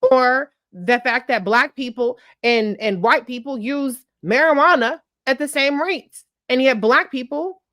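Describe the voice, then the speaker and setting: A woman's voice: high-pitched, a little slow, hardly any pauses, no echo, clean studio sound. Blunt female talk radio co-host. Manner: blunt, forceful, swears freely.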